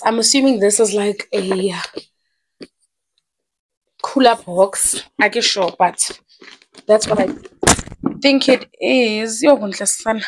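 A young woman with a South African accent, chatting excitedly in a casual vlog and switching languages mid-sentence. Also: on the high side, a little hiss or hum. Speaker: vlogger.

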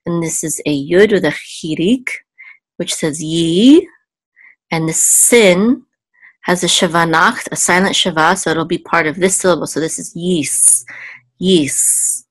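Woman, low pitch, dry recording, patient teacher, slow sounding out of syllables, casual lesson. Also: breathy edge, no room sound. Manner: patient, spells out sounds slowly, thinks aloud with ums. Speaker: Hebrew teacher.

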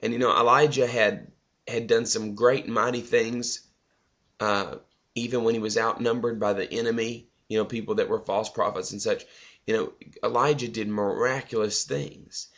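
A man's voice: fairly low pitch, fairly even intonation, moderate pace, a bit bright, muffled recording. A male preacher giving a loose, conversational devotional sermon that often repeats words.

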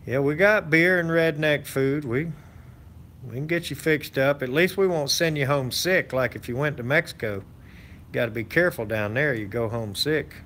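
A man's voice: on the high side, normal speed, a bit bright, slight background noise. Folksy man rambling on stream. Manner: rambling, folksy, many fillers and restarts. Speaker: channel host. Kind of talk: casual live-stream chat.

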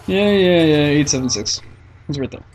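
Casting: jonge let's-player, vloekend en opgewonden, bewegende toon. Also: male voice, fairly high pitch, moderate pace, a little hiss or hum. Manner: excitable, swearing and mock-frustrated. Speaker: let's play gamer. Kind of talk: casual gameplay commentary.

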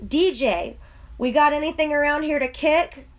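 A woman's voice: sits high, normal speed, voice pushed up, natural voice. A woman voicing a sly playground teacher who draws out his teasing questions, in a storybook reading.

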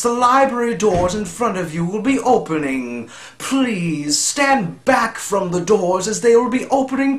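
A man's voice: sits high, roomy sound, pitched above the performer's own voice, full character voice. A man doing a formal, eerie hotel announcer.

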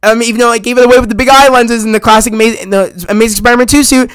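A man with a high, smooth, clear voice gushes through a rambling film review, stacking "you know" fillers as he goes. He is recorded close on a dry mic, and he gets loud and high whenever he is thrilled. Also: fairly even intonation, racing, no echo. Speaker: movie reviewer. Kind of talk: excited casual spoiler review.

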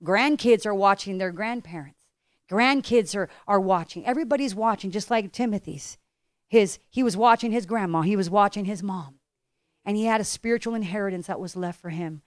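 A woman's voice: medium pitch, moderate pace, no room sound, studio quality. A middle-aged woman pastor preaching a sermon with emphatic repetition and rhetorical questions. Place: church.

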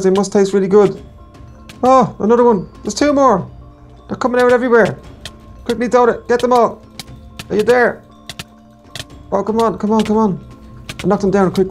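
An eager game role-player, talking fast and urgently and repeating phrases while cheering a companion on. Mid-pitched voice over faint background music. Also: a little mellow. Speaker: role-play player and narrator. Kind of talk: excited game role-play.

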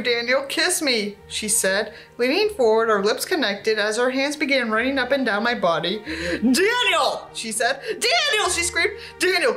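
A woman's voice: a little high, fairly bright tone, low-quality recording. A woman reading a novel aloud as a book reviewer, breaking off for wry, sarcastic comments.

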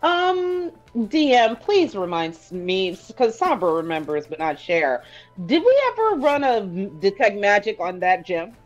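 A woman's voice: mid-range voice, big pitch swings, a little slow, lo-fi sound, soft background music. A woman playing in a tabletop role-playing game, talking hesitantly with restarts and trailing off. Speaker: player.

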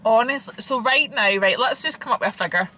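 A young Scottish woman chatting casually as a vlogger, slangy and animated, swearing freely. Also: fairly high pitch, brisk, a little hiss or hum, low-quality recording. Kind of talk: casual chat.

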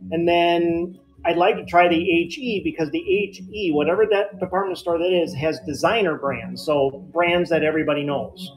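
A woman's voice: lowish voice, normal speed, faint music behind, poor audio. A woman co-hosting a live online clothing sale, thinking aloud about the stock and teasing her partner dryly. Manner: explains and muses aloud, dry teasing. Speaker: live-stream seller co-host. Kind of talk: casual live-sale chat.

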